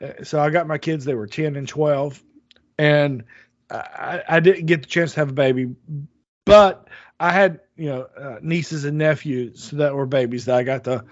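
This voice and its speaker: A man's voice: a little high, steady tone, normal speed, dry recording. Rambling man on dull dry audio. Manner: rambling, many restarts. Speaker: podcast host. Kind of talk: casual chat.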